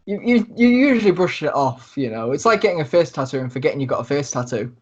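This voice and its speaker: A man's voice: a little high, very animated, quick pace, highs cut off. A man narrating a tabletop game as game master, chatty and rambling.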